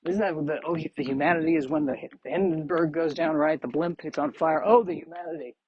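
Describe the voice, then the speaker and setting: A man's voice: a little high, fairly even intonation, fast, breathy edge. A man hosting a solo podcast while walking outdoors, talking in meandering, self-deprecating musings. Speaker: podcast host. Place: outdoors on a street. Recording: muffled lo-fi outdoor recording.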